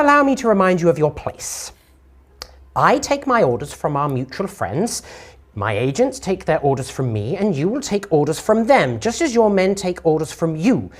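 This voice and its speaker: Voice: medium pitch, voice pushed up. A game master voicing a commanding female sorceress who speaks in a muffled, condescending way, as if heard through thick glass. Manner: silky, condescending.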